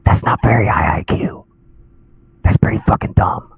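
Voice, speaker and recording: A man's voice: deep voice, normal speed, vocal fry, slightly rough. A man arguing heatedly and mockingly on a live stream, swearing often. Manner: aggressive, mocking, profane. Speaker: guest.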